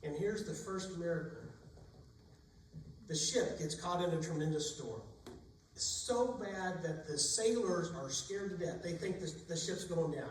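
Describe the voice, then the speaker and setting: A man's voice: fairly high pitch, a little slow, a little hiss or hum. A man preaching a sermon in a church, retelling Bible stories in plain everyday speech. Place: church sanctuary. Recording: echoey room, distant mic.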